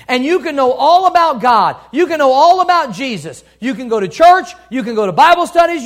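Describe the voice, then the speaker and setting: A middle-aged man preaching a sermon, earnest, swinging between loud urging and quiet asides. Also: very high voice. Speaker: pastor.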